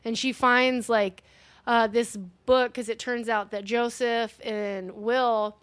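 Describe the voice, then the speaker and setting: A woman's voice: on the high side, little pitch movement, takes it slowly, fairly bright tone, clear, resonant tone, no echo. A woman co-hosting a casual movie review, rambling through a plot recap with lots of swearing and fillers. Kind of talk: casual chat recapping a film.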